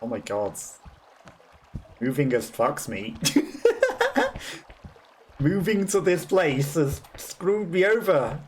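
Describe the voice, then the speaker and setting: A man's voice: a little high, expressive, slow, long pauses, slight background noise. A young man with a Black Country accent, chatting and laughing at himself while streaming a game. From West Midlands, England. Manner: chatty, self-mocking, laughs often. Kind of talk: casual gameplay commentary.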